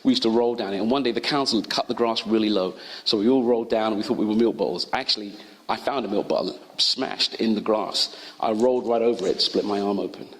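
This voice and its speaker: A male pastor preaching a sermon, telling stories and acting out the voices of the people in them with sudden high cries. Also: fast talker. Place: college chapel or hall. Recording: long hall reverb.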